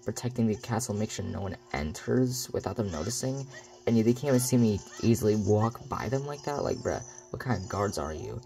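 A male gamer narrating his playthrough in a loose, rambling style, full of sarcastic jabs and self-mocking asides. His voice is mellow and darker in tone. Soft game music plays faintly underneath. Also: fairly low pitch, gravelly. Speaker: let's play host. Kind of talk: let's play commentary.

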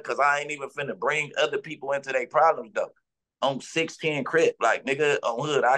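A man from Los Angeles, speaking as a guest in an interview. He talks heatedly and insistently in a profane street slang, with a voice of ordinary, middle pitch. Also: a bit bright.

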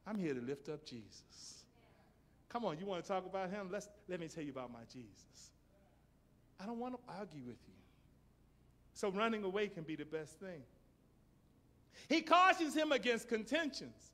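Pastor guy preaching, tells stories, gets loud and punchy, voice jumps all over the place. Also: sits high, big pitch swings, moderate pace, pauses often. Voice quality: emphatic, storytelling, bursts into shouts. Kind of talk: sermon. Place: church service.

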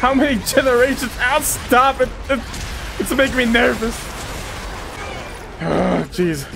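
High, excitable woman gaming streamer. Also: normal speed, music in the background. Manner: excitable, swearing, trash-talking enemies. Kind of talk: casual gameplay commentary.

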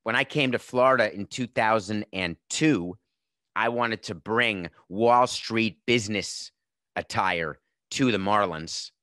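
A man's voice: lowish voice, measured pace, bright, forceful tone, no echo, clean studio sound. A man in his fifties hosting a sports podcast, giving opinionated commentary with emphatic, sarcastic rhetorical questions. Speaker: podcast host.

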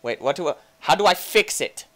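A man giving excitable let's-play commentary as he reviews a game mod, playfully talking to game objects and breaking into sudden jokey shouts. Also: on the high side, a little fast.

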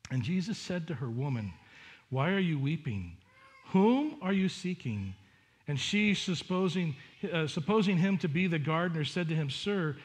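A male pastor preaching a sermon in an earnest, conversational way, often restarting his sentences. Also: a little high. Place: church sanctuary.

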